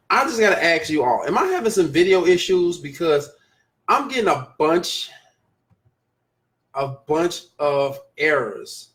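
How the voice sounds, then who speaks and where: Guy doing a live stream, kinda high voice, keeps repeating stuff to hammer it home. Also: fairly bright tone. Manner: emphatic, repeats phrases for stress. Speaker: live show host reading viewer comments. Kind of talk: casual live-stream talk.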